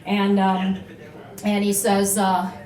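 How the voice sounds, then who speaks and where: Woman, mid-pitched, telling a personal story onstage in a chatty, halting way; echoey room. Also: monotone, darkish tone. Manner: conversational, many fillers and restarts. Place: live venue, beach bar room.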